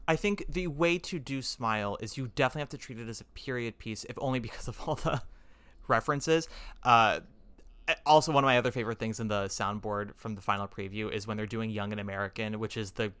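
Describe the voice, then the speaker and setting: A man's voice: lowish voice, fairly quick, smooth. A man hosting a podcast, telling stories with enthusiasm and acting out quotes in casual chat. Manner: animated, enthusiastic storytelling with acted-out quotes. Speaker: podcast host.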